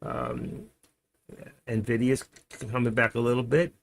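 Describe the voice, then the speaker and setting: Taking it slowly in a steady, gravelly, mid-range voice, a middle-aged day trader hosts a live stream. He chats casually while trading, rambling, muttering to himself, and chuckling as he tells stories.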